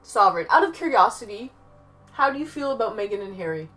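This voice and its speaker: A woman's voice: mid-range voice, expressive, fast talker, fairly bright tone, faint music behind. A woman livestreaming and casually answering her chat aloud, rambling and chatty with some swearing. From Canada.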